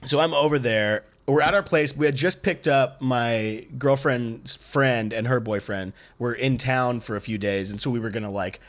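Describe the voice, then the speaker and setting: A man's voice: medium pitch, normal speed, few pauses. A man telling a story in casual podcast chat, with many fillers and restarts and acted-out quotes. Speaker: podcast co-host.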